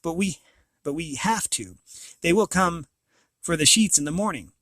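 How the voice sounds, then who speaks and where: A man's voice: a little high, expressive, moderate pace, bright, forceful tone, dry recording, pitched above the performer's own voice. A man reading a novel aloud, voicing an earnest, apologetic young king.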